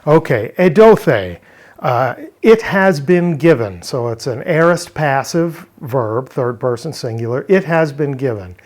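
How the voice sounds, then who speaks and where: A man's voice: mid-range voice, expressive, a little slow, darkish tone. A man teaching a verse-by-verse Greek word study, explaining step by step and posing rhetorical questions. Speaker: Bible language teacher.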